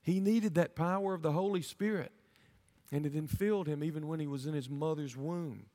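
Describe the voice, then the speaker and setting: A man's voice: on the high side, brisk, dark tone. A man preaching a sermon to his congregation, earnestly asking them rhetorical questions. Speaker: pastor. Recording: long hall reverb.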